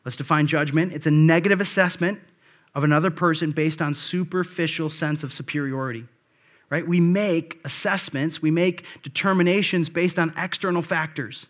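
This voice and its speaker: A man's voice: on the high side, fairly even intonation, normal speed, a bit bright. A male pastor delivering a conversational sermon, with frequent asides and restarts.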